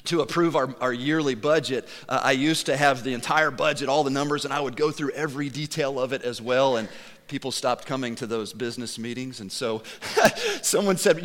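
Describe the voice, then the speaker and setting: A man preaching a sermon to his congregation in a church, animated and conversational, joking with the listeners. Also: medium pitch, brisk, long reverb tail. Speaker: pastor. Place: church sanctuary.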